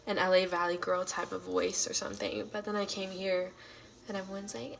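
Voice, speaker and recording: A woman's voice: mid-range voice, level tone, a little fast, gravelly, a bit bright, slight background noise. A woman of twenty-one from California chatting casually on a livestream, reactive and full of fillers, sometimes dropping to a whisper.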